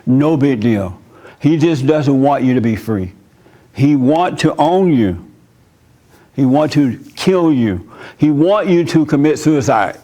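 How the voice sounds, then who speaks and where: A pastor giving an informal church sermon, talking conversationally, laughing often and telling personal stories. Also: male voice, medium pitch, animated, slow, mellow.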